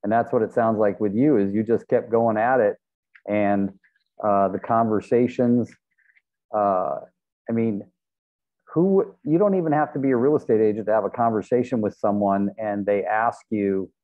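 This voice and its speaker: A man from Fremont, California, hosting an interview, responding in a reflective, affirming and measured way. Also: lowish voice. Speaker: podcast host. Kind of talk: interview conversation. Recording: tinny phone-like line.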